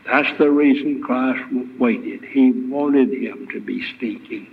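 A man's voice: medium pitch, takes it slowly. A man preaching a sermon as guest speaker, retelling scripture with emphatic rhetorical questions. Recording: tinny, phone-like lo-fi recording.

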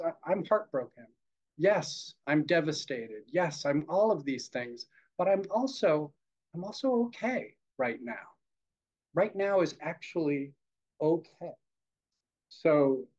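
A man who teaches Zen, giving a dharma talk in a reflective, hesitant way, with many fillers and gentle humor. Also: mid-range voice. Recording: dull lo-fi podcast audio.

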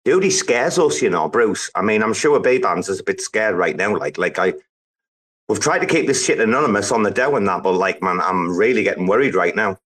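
Brief: male host, casual and profane, bright forceful tone. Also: on the low side, fairly quick, rough recording. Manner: swearing, laughing, lively banter. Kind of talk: casual chat on an audio space.

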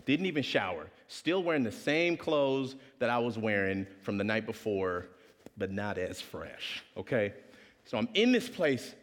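A young man from Canada giving a humorous testimony talk, telling a story with animated delivery. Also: on the low side, unhurried. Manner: animated storyteller, acting out voices. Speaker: speaker. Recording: long hall reverb.

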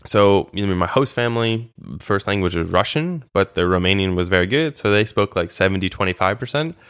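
A man with a low, smooth, resonant voice recounts his volunteer years in a relaxed interview. He talks in a chatty, animated way, full of fillers and restarts. The sound is dry and close, with no room around it. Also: a little fast, no echo. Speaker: interview guest, former volunteer. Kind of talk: casual conversational interview.

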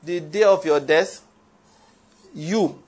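This pastor's voice is on the high side and slow, and the recording is very noisy. In church, he drives his congregation through emphatic call-and-response declarations, repeating them, with the congregation audible behind him.

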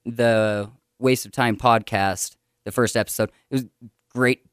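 A man hosting a comedy podcast in casual chat, excitable and quick to laugh. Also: fairly low pitch, clear, resonant tone, dry recording, clean studio sound.

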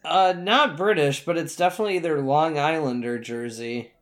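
A man co-hosting a podcast, reacting with quick jokes and quips during casual movie commentary. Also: fairly high pitch, a bit bright. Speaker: podcast co-host.

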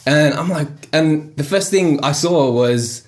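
A young man on a casual podcast, telling an animated story and laughing often. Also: a little high, measured pace. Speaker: podcast host. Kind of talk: casual chat.

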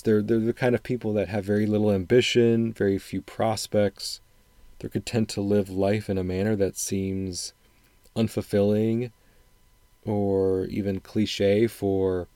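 Middle-aged man, faint upper Midwestern accent, low mellow voice, dry close sound, rambling casual commentary. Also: gravelly, dry recording. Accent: faint upper Midwestern American. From Wisconsin, upper Midwest US. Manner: thoughtful, rambling, frequent restarts and fillers. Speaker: podcast host reviewing songs.

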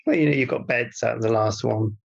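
Male comic co-host: gravelly fry, deadpan teasing, muffled lo-fi audio. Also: mid-range voice, brisk. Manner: dry, teasing interviewer. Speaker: podcast co-host. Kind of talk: deadpan comedic banter.

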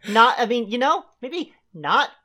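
A woman's voice: a little high, sing-song, a little slow, pushed and bright. A woman co-hosting a comedy podcast, chatting casually, rambling with fillers and laughing often. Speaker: podcast co-host.

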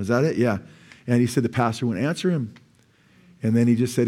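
A male pastor delivers a sermon in a church. He speaks in a conversational way, slipping into quoted asides and punctuating points with "amen." His voice sits at an ordinary middle pitch. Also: animated, fast talker.

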